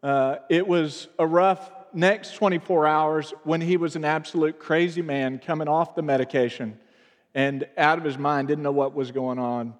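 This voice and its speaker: A man in his thirties, a pastor speaking to his congregation in a halting, emotional way, with many restarts and fillers. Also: fairly high pitch, fairly even intonation. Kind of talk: sermon. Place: church sanctuary. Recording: long reverb of a church hall.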